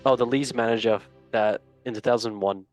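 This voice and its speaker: A man's voice: mid-range voice, fairly even intonation, a little fast, dry recording, dull audio, soft background music. A man hosting a football quiz on a casual podcast, playful and jokey, swearing and laughing often. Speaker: quiz host.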